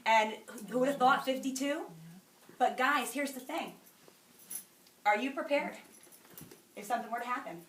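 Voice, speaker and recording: A woman's voice: sits high, normal speed, long pauses, fairly bright tone, recorded from a distance, slight background noise. Woman speaking to a crowd in an echoey hall. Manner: emphatic, chatty, preachy, laughs between lines. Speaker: sales director speaking to a group. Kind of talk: motivational testimony talk.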